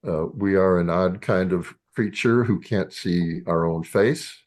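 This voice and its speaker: An older man lecturing a class as a psychologist, halting and full of fillers and restarts. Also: low-pitched, darkish tone.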